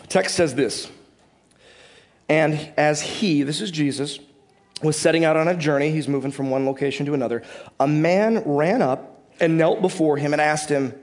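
A man preaching in a church with a slightly higher voice. His sermon is conversational: he explains the passage and puts questions to the congregation. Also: moderate pace, a little mellow. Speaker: pastor.

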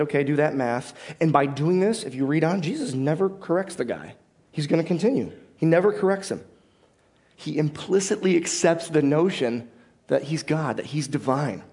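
Guy preaching at church, kinda high voice, chatty, keeps asking the room questions. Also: darkish tone. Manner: conversational, asks the congregation questions. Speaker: pastor. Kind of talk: sermon.

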